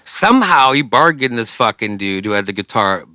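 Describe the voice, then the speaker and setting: A man's voice: mid-range voice, very animated, moderate pace, pushed and bright, dry recording, studio quality. A man being interviewed as a rock singer, rambling through casual stories and swearing often. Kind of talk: casual storytelling.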